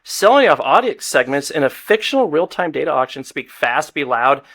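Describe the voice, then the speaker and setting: Male game show host, a touch high-pitched, quick with a joke while reading cards. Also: big pitch swings, a bit bright. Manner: wisecracking, reads prompts aloud. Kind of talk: joking podcast game show banter.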